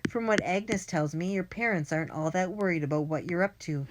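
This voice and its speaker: A sleazy, smug grown man villain who poses as a dog warden, put on by a woman reading an audiobook. He talks in an oily, mocking, falsely friendly way, pushed up a little above a low speaking voice. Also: brisk, noisy background, close to an everyday voice. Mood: menacing. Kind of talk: audiobook character voice.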